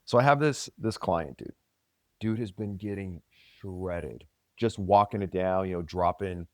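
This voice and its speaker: A man's voice: sits low, measured pace, no echo, clean studio sound. A man co-hosting a podcast and coaching fitness, teasing and joking in casual banter. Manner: joking, teasing, playful impressions.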